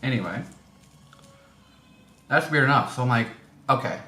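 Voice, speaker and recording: A man's voice: medium pitch, normal speed, a bit bright. A man telling a story casually as a vlogger, rambling with many fillers and restarts. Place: indoor room. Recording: echoey room, faint noise.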